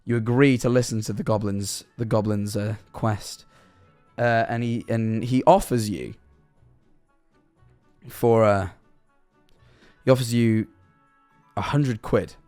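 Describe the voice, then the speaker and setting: A man's voice: on the low side, fairly even intonation, takes it slowly, pauses often, darkish tone, clear, resonant tone, faint music behind. A young man chatting on a live stream, rambling through absurd hypotheticals and answering his chat. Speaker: livestreamer.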